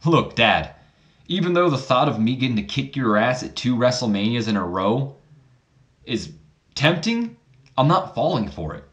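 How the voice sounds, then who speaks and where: A man's voice: mid-range voice, big pitch swings, moderate pace, fairly bright tone. A man doing a cocky young heir. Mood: defiant. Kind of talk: acted dialogue in a wrestling game playthrough.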